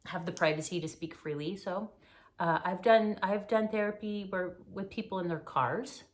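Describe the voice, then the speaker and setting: A woman's voice: medium pitch, normal speed. A middle-aged woman, a therapist, earnestly explaining her work in a casual chat, with frequent ums. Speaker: mental health therapist, guest. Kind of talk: casual conversation.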